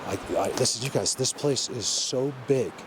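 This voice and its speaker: A man filming an outdoor vlog, talking excitedly in a rambling way, stumbling over and repeating his words into a handheld camera mic. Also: medium pitch, moderate pace. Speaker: outdoor vlogger. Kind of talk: walking vlog commentary. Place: outdoors in wild country. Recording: outdoor noise behind.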